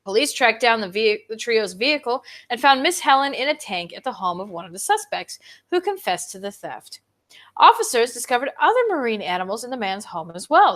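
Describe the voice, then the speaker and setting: A woman co-host reading a news story aloud to a casual online show, animated, her pitch swinging up and down.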